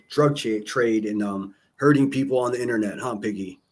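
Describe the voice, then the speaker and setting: A man with a husky, somewhat raspy voice hosts a livestream, swearing freely and jabbing at rivals. His talk is combative and mocking, and it swings loud and quiet as he shouts down enemies and greets chat. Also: on the low side, normal speed. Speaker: livestream call-in host.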